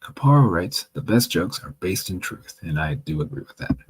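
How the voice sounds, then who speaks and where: A man hosting a livestream, reading viewer comments aloud with a chatty, wry manner and a gravelly voice. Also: deep voice, big pitch swings, moderate pace, rough recording. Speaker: livestream host reading chat. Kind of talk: casual livestream chat.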